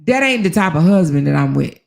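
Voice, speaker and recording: A woman's voice: lowish voice, fairly quick, gravelly. A woman in her forties, hosting and telling a personal story in casual chat, acting out dialogue with colorful swearing. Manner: animated, acts out dialogue, swears. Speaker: host.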